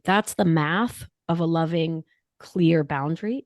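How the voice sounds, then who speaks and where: A woman speaking as a podcast guest in an animated, emphatic way, using casual slang. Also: fairly low pitch, slow, no echo, clean studio sound. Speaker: guest, nurse practitioner and author. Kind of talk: podcast interview talk.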